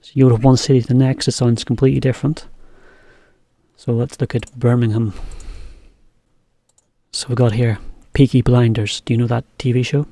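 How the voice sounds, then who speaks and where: A man giving a relaxed, chatty language lesson. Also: mid-range voice, normal speed, pauses often, no room sound, clean studio sound. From England. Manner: relaxed, chatty, laughs often. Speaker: English teacher. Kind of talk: casual lesson commentary.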